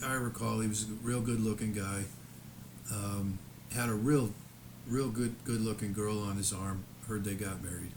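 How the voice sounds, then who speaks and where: A man's voice: medium pitch, noisy background. A man in his fifties or older telling a personal story off the cuff, profane and heated, stumbling over frequent stammered restarts. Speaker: storyteller recounting his own past. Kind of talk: unscripted personal storytelling monologue.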